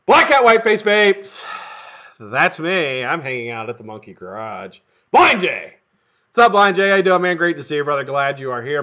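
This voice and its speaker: A man's voice: on the high side, bright, forceful tone. A middle-aged man hosting a live stream, greeting viewers one by one in a rambling, jokey, profane way. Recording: dull lo-fi stream audio.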